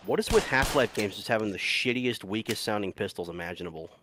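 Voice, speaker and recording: A man's voice: on the low side, lively intonation, fast, noisy background. A man streaming a video game, chatting casually with a friend in a laid-back, swearing, dry way. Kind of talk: casual gameplay chat.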